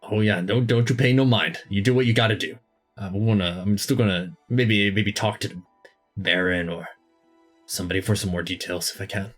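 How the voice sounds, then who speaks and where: A man running a tabletop game as dungeon master, talking in a relaxed, rambling way with many fillers. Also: fairly low pitch, a little fast, soft background music.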